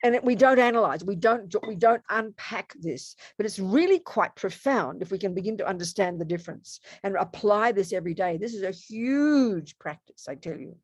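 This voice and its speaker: A woman's voice: mid-range voice, a little fast, few pauses, dry recording. A woman giving a casual Buddhist teaching, chatty and playful, with joking asides and frequent self-corrections. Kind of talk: casual dharma teaching talk. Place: home room.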